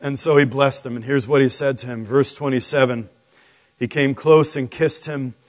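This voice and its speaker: A man preaching a sermon, telling the story in an animated, conversational way with asides to the listeners. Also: mid-range voice, moderate pace.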